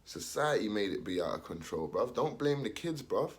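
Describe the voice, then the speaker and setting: A man's voice: lowish voice, big pitch swings, normal speed. A young man, talking casually in street slang, ranting his opinion and acting out the voices of others. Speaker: commentator.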